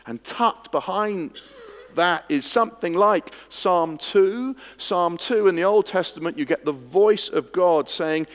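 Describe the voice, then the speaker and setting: A man preaching an expository sermon, swinging from hushed moments to emphatic ones. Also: high voice, slow. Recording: long hall reverb.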